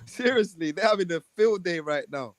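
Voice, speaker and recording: A young man banters and teases in a lively, swooping voice that sits a little high. He laughs readily and keeps the chat animated. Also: normal speed, no echo. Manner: animated, teasing, laughs a lot. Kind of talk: casual banter among friends.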